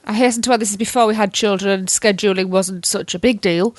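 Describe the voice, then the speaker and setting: A woman co-hosting a podcast, chatting in a lively way and reading out descriptions. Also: medium pitch, fairly quick, no room sound, clean studio sound. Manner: lively, laughs often, reads out descriptions. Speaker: podcast co-host. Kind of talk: casual chat.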